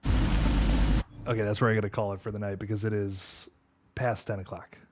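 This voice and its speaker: A man streaming a horror game live, reacting with jumpy, swearing exclamations and then signing off quietly. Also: lowish voice, moderate pace. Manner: quiet, relaxed sign-off. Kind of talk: live gameplay commentary.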